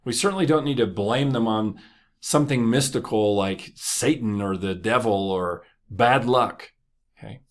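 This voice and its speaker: A man with a fairly low, unhurried voice hosts a motivational podcast. He tells stories casually and conversationally, joking around and laughing often.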